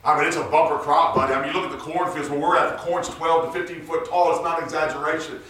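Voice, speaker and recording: A preacher, a man, bellowing and then dropping to a hush. His voice is bright and cutting. It is caught from a distance in a big, echoing church with faint room noise behind. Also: steady tone, fast. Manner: swings from low murmurs to shouted high cries. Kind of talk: sermon. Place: church sanctuary. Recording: roomy church recorded from far off.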